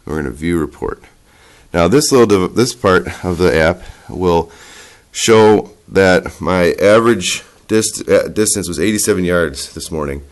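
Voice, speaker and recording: Low-voiced nasal man demoing a gadget. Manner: halting, talks while operating a device. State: nasal from a cold. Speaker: product demonstrator. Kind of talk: casual product demonstration.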